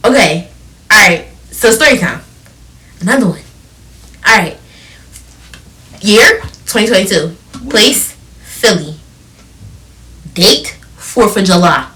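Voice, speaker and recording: Recorded far from the mic, this teenage podcast co-host, seventeen, speaks slowly in a mid-range voice and pauses often. Her casual chat is full of laughter and lively storytelling.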